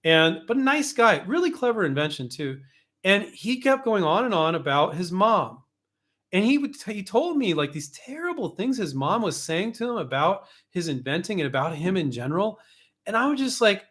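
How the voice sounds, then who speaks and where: A man coaching inventors in a casual, frank talk, speaking in a slightly higher register. He is animated and blunt, restarting sentences often and dropping the odd curse word. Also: fairly quick. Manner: candid, animated, with frequent restarts and mild cursing. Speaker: host, invention licensing coach.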